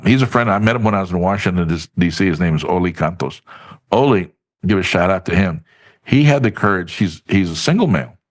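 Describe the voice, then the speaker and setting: A middle-aged man telling stories as a podcast guest, lively and acting out what others said. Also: sits low. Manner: animated storyteller who acts out quoted voices. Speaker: podcast guest, business advocate. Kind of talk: casual storytelling in an interview.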